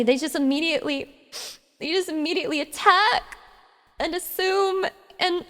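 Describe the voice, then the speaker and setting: A woman's voice: very high voice, normal speed, a bit bright, big-room sound. A woman streamer chatting casually with her audience, playful and dramatic, reading chat aloud and swearing freely.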